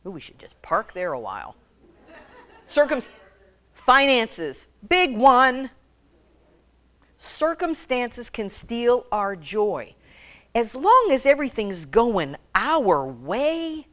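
A woman's voice: medium pitch, sing-song, slow. A woman giving a humorous sermon to a women's group, joking and calling on the audience for answers. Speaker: women's ministry speaker.

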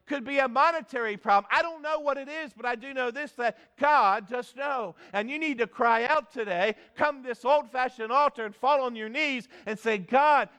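A male pastor preaching a sermon in a church, emphatic, swinging between loud and soft delivery. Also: high-pitched.

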